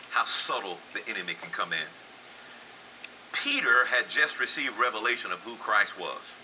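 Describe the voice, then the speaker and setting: An older man preaching a sermon, swinging from low, quiet passages to loud, high-pitched exclamations. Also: a little hiss or hum, rough recording. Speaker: pastor.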